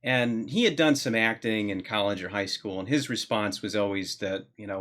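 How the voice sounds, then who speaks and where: Guy podcast host, kinda low but bright voice, explains stuff calmly. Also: moderate pace, few pauses. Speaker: podcast host and film director. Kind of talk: casual podcast chat.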